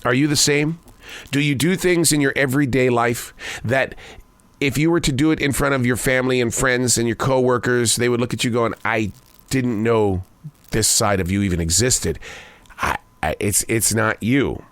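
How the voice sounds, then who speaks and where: An older man, a broadcaster and daily writer, hosting a reflective spoken essay with wandering pitch, quick bursts and slow emphatic phrases. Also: a bit bright, dry recording.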